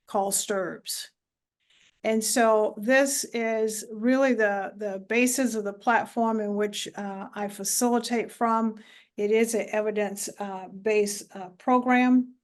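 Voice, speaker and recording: A woman presenting a talk on grief in an online webinar, speaking in a measured way with many filler sounds. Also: a little high.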